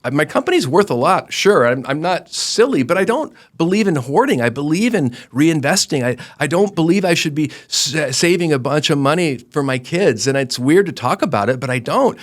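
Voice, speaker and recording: A middle-aged man, a company founder, telling stories earnestly in an interview, animated, often restarting his sentences. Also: on the high side, moderate pace, hardly any pauses. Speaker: guest, roofing company founder. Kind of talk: conversational interview storytelling.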